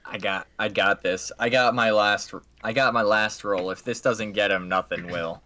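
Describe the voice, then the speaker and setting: Man, tabletop player, bright forceful tone, lowish pitch, stammering restarts, home mic. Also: fairly even intonation, moderate pace. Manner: stammering restarts, upbeat and jokey. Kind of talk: casual tabletop game play over a call.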